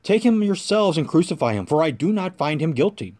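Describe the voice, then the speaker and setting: A man's voice: on the high side, sing-song, brisk, a little mellow. A man reading the lines of a male Roman governor who keeps pleading and questioning. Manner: questioning, insistent.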